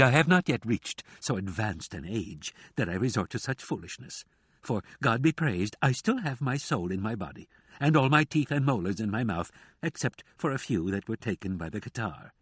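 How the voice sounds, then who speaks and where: A proud, touchy older woman servant from a storybook, speaking low and plaintive, as a male narrator puts her on. The tone is husky and close-miked. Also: lively intonation, normal speed, dry recording. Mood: indignant. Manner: low, grieving and indignant.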